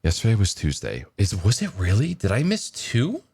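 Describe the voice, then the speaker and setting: Deep-voiced man rambling in a vlog. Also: wildly swooping pitch, normal speed, creaky, darkish tone, breathy edge, no echo. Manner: rambling, lots of fillers. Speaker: vlogger. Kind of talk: casual morning vlog.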